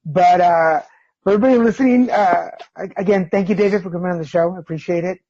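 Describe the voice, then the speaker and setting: A man hosting a podcast interview in a relaxed, laid-back way, with many fillers and easy laughs. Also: high voice, fast talker. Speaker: podcast host. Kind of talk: casual interview. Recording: dull lo-fi sound.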